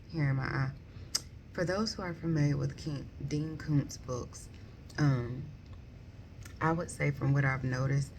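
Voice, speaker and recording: A woman's voice: deep voice, creaky, darkish tone, slight background noise. A woman giving a casual, rambling book review full of ums and likes. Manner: rambling, many ums and likes, self-correcting.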